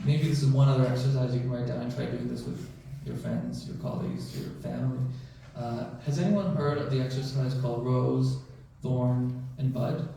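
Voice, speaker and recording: A man's voice: mid-range voice, steady tone, moderate pace, vocal fry, few pauses, dark tone, a little hiss or hum. A man who is a physician, giving a conversational talk to a mosque audience and often checking in with "right?" and "you know". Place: large mosque prayer hall. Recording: echoey hall, voice from far off.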